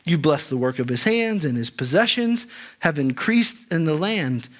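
A man's voice: a little high, expressive, normal speed, natural voice. A male preacher voicing Satan as a sly, mocking accuser in a sermon reading. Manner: mocking, taunting.

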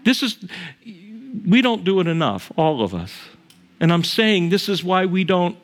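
Conversational pastor preaching a sermon, rather high-voiced. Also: male voice, very animated, moderate pace. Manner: conversational preaching with rhetorical questions and humor; rises high and emphatic on key points, drops low for asides.

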